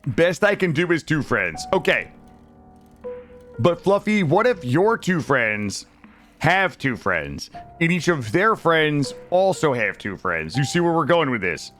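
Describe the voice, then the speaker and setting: A man's voice: fairly high pitch, sing-song, a little slow, fairly bright tone, soft background music. A man from Vermont chatting casually with his live-stream chat while he plays, joking and swearing freely. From Vermont, USA. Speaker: gaming streamer.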